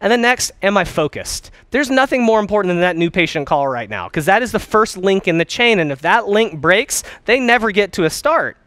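Male practice consultant, young, high-pitched, lively and chatty, demonstrates phone lines, crisp tone. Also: fairly quick, hardly any pauses, no room sound. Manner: energetic, conversational, acts out sample phone calls. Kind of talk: course talk on phone skills.

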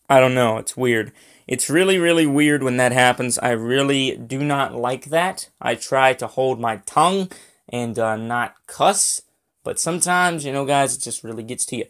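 Man, gaming video host; bright, forceful tone; rambling commentary, filler-heavy, easily irked. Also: mid-range voice. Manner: rambling, lots of ums and uhs; irritated at lag, complaining. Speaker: gaming YouTuber. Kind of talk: gameplay commentary.

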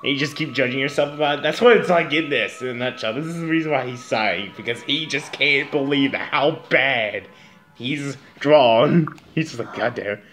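A man casually commenting while playing a video game, excitable and swearing freely. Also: mid-range voice, normal speed, soft background music. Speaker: let's play host.

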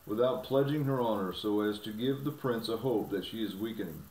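A man voicing an excitable male fawn who talks in an eager, breathless rush, for a storybook reading. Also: fairly low pitch, brisk, lightly acted. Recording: roomy, from a distance.

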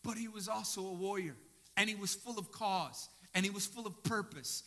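A male pastor preaching an impassioned sermon, dropping to a hush and rising to shouts. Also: high voice, moderate pace. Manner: impassioned, swinging from hushed to shouting.

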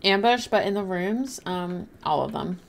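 A woman's voice: on the low side, lively intonation, a little slow, vocal fry, slight background noise. A young woman livestreaming a game, chatting casually and apologetically while reading and thanking her chat. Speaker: livestreaming gamer.

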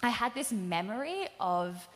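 A young woman giving a candid, halting personal faith testimony to a live audience, full of fillers and acted-out quotes of her own past words. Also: medium pitch, sing-song, fairly bright tone. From Australia. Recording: live event hall reverb.

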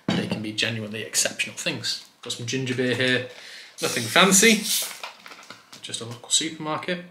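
A man casually reviewing a whisky for his video channel, chatty and relaxed with loose fillers. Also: medium pitch, background noise. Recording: roomy echo.

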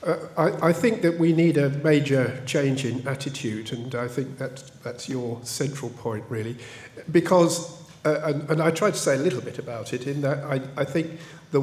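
A man's voice: a little high, moderate pace, a little mellow. An older man, a professor speaking on a panel, answering thoughtfully and repeating words as he builds a point. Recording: echoey hall.

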